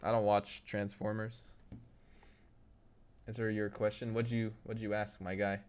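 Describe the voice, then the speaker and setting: A man's voice: lowish voice, flat delivery, a little slow, clean tone. Laid-back young male streamer. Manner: loose, laughing, reads chat aloud and tries impressions. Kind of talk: casual live-stream chat.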